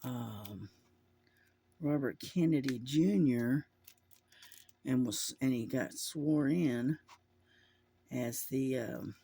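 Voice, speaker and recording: A man's voice: mid-range voice, drawn-out words, gravelly, pauses often, mellow, a little hiss or hum. A man chatting casually to his camera at home, rambling with lots of fillers and restarts. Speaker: vlogger. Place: at home indoors. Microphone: camera mic.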